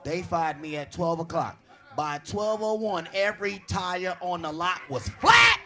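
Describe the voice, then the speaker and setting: A man doing a stand-up comedy set on a club stage, brash and profane, telling stories loudly to a live audience. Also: high voice, measured pace, a little hiss or hum. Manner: brash, profane, animated storytelling.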